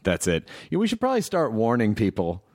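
A man with a fairly low but very lively voice hosts a casual podcast interview. He jokes around and laughs easily as he talks. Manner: playful, joking, quick to laugh. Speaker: podcast host.

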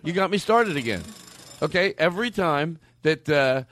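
A middle-aged man hosting a comedy podcast, rambling excitably through an improvised bit. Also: a little high. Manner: excitable, rambling, quick restarts.

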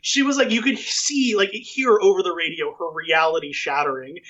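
A man's voice: high-pitched, fairly even intonation, normal speed, fairly bright tone, dull audio. A man hosting a casual podcast interview, telling jokey, rambling stories full of fillers.

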